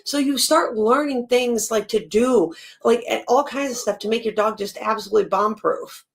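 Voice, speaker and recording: A woman hosting a live stream, reacting to a podcast in blunt, animated casual talk and swearing freely. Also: on the high side, moderate pace, vocal fry.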